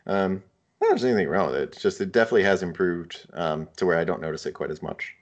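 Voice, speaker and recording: A man's voice: deep voice, fast, highs cut off. A man co-hosting a casual podcast, rambling and trailing off unsure of his point. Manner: rambling and unsure, often trailing off with "I don't know". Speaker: podcast co-host. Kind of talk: casual chat.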